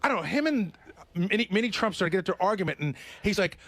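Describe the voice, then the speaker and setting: A man tells a story on a talk radio show, talking fast in a high voice. He answers the ribbing in a rushed and defensive way. The studio sound is dry and close. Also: lively intonation, a bit bright, no echo. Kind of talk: comedic talk radio banter.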